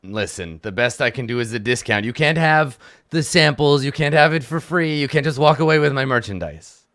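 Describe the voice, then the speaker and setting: A man's voice: lowish voice, fairly quick, bright, forceful tone, no room sound, studio quality. A man voicing a grumpy male rock gnome shopkeeper who scowls and haggles over prices. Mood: haggling.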